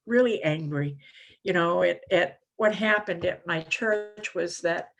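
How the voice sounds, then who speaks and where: An older woman shares her personal testimony from a conference stage. She talks candidly and conversationally, often pausing on small fillers as she goes. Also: fairly low pitch, gravelly. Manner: candid, conversational, many "you know" fillers. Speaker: recovery speaker at a conference.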